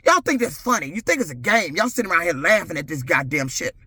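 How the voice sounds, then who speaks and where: A woman's voice: lowish voice, very animated, quick pace, pushed and bright, breathy edge, no echo. Furious middle-aged woman ranting. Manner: furious, profane, confrontational. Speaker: vlogger. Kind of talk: angry rant to camera.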